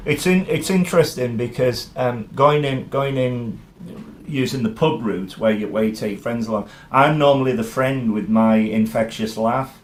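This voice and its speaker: A man's voice: mid-range voice, normal speed, a little hiss or hum. A man hosting a podcast interview, asking questions in a friendly way and laughing readily. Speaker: podcast host.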